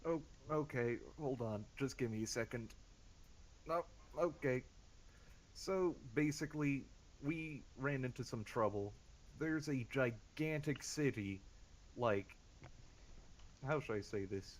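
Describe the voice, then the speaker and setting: A man's voice: mid-range voice, slow, rough recording. A man playing a tabletop game, speaking casually and hesitantly while searching for words. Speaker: player. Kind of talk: casual in-character play over voice chat.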